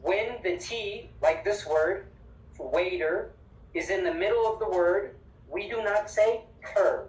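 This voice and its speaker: English teacher, upbeat, stretches out words for students, kinda far from the mic. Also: medium pitch. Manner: upbeat, emphatic, repeats words slowly for students. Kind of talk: online English class. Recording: echoey room, distant mic.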